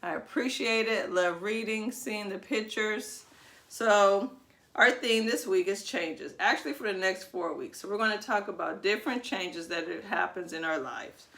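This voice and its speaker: A woman's voice: mid-range voice, moderate pace, gravelly, a bit bright. A woman preschool teacher giving a video lesson to young children, talking in a sing-song, encouraging way.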